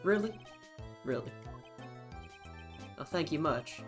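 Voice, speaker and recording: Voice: medium pitch, animated, slow, soft background music. A player voicing a panicked country boy in a put-on Southern US drawl, pleading and earnest while reading game dialogue.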